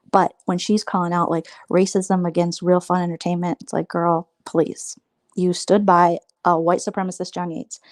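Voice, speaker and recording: American lady ranting casually on a late-night stream, snarky, lowish voice, dry mic. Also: a little mellow, dry recording. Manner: gossipy, sarcastic commentary on online drama; reads out super chats and thanks viewers. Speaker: livestream host. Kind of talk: casual livestream chat.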